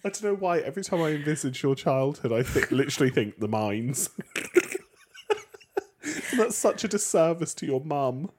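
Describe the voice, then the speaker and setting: A man's voice: fairly high pitch, expressive, darkish tone, slight background noise. A man with a southern English accent, co-hosting a podcast in casual, jokey chat and swearing freely. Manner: playful, jokey, quick to swear. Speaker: podcast co-host.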